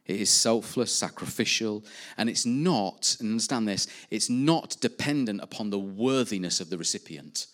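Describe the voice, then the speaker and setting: A man's voice: lowish voice, normal speed, a bit bright. A man preaching a sermon, earnestly rising and dropping in emphasis. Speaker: pastor.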